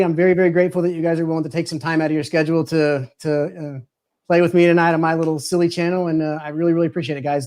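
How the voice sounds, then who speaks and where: A man's voice: fairly high pitch, darkish tone. A man hosting a live stream over a video call, chatting casually, joking and laughing often. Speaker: livestream host.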